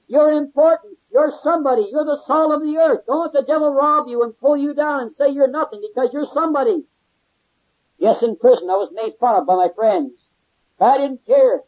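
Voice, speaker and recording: High-voiced fervent man preaching. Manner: emphatic, repetitive, exclamatory praise. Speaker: former convict giving religious testimony. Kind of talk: fervent spoken testimony. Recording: dull lo-fi tape recording.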